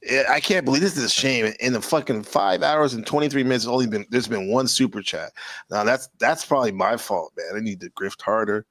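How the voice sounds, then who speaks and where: A man's voice: mid-range voice, a little fast, a bit bright, no room sound. A man hosting a casual livestream panel, loosely thanking donors and chatting with guests. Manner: laid-back, thanks donors in passing. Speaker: stream host.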